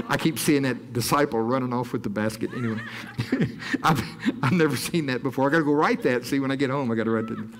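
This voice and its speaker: A man's voice: medium pitch, animated, fairly quick. A man preaching a sermon, moving into earnest spoken prayer and chuckling between phrases as he rises into fervent declarations. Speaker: pastor.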